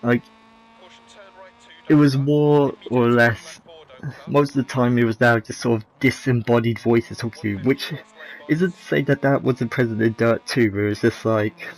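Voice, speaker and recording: A man talks through his racing game footage in a relaxed, unscripted way. He rambles, stumbles and corrects himself, and stays candid about his own skill. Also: medium pitch, normal speed, vocal fry, poor audio. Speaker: gaming video creator. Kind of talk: casual gameplay commentary.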